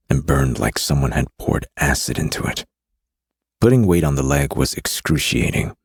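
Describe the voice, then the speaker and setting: A man narrating a dark fantasy audiobook in the first person, with a steady, grim delivery. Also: rumbling low, creaky, husky, dry recording.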